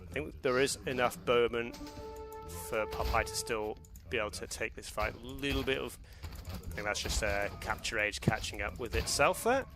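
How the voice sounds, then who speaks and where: A man's voice: mid-range voice, moderate pace, over music. A man doing casual live commentary on a strategy game match, rambling loosely and laughing often. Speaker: esports commentator.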